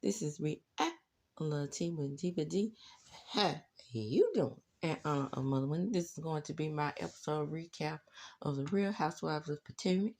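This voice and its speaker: A woman hosting her own channel, recapping reality TV in a sassy, animated way. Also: low voice, normal speed. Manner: sassy, animated, says "baby" a lot. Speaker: YouTube recap host.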